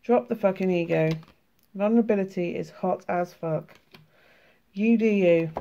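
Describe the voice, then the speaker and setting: British woman with a sore throat, gravelly voice, chatty and sweary, bit of a dull lo-fi sound. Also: mid-range voice, measured pace, warm tone. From United Kingdom. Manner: chatty and laughing, swearing freely. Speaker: tarot and oracle card vlogger. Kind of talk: casual card flip-through, reading cards aloud.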